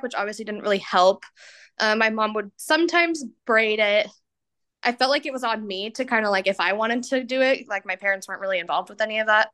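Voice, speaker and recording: A woman's voice: a little high, a bit bright. A woman in her twenties, a podcast guest telling personal stories in a chatty, self-mocking way and laughing often. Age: 20s. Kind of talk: candid personal storytelling.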